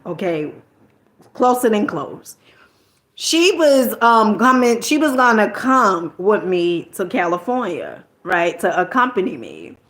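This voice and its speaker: A woman's voice: mid-range voice, fairly bright tone. A middle-aged woman from New Jersey telling a personal story in a casual, colloquial way, tossing in "okay?" and mild swearing.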